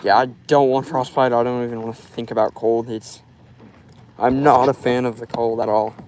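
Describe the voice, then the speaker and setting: A young man from Florida talks casually on a fishing live stream by a river, loose and rambling with plenty of "like." His voice is medium-pitched and darkish, steady in tone at a moderate pace, and the rough recording carries a little hiss or hum.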